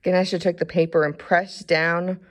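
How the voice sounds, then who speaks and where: A woman reading a children's storybook aloud, expressive in manner. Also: fairly low pitch, moderate pace.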